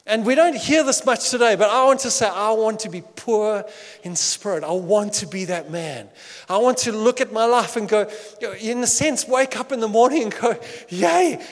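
A man preaching a sermon as pastor, animated and playful, acting out quoted voices with bursts of laughter and shouting. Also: sits high, long reverb tail.

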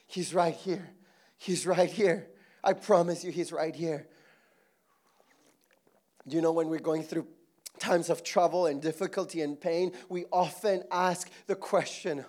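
Impassioned high-voiced male preacher, going hoarse. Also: fairly even intonation, measured pace, pauses often. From Mexico. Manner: impassioned preaching, swinging from soft and intimate to loud and emphatic. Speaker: pastor. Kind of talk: sermon.

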